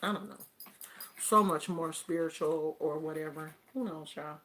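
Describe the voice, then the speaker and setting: Woman vlogger just talking to her viewers, slow and lowish voice, stretches her stories out. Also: a little hiss or hum. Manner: animated, drawn-out storytelling. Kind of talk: casual chat to camera.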